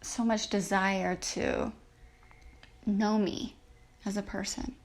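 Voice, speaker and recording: A woman's voice: mid-range voice, steady tone, takes it slowly. A woman hosting a podcast, telling a personal story in a reflective, emotional way, with many fillers and restarts. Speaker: podcast host. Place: lives in a big city with a rooftop terrace.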